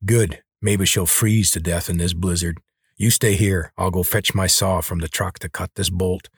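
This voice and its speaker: A man voicing a gruff, bullying middle-aged farmer who scolds in rough rural speech. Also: deep voice, fairly even intonation, moderate pace, no echo, studio quality, heavily acted. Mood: scheming.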